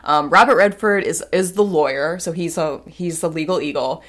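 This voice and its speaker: A woman's voice: low voice, normal speed. A woman co-hosting a podcast, casually recapping a film in a rambling way with many fillers and restarts. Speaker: podcast co-host.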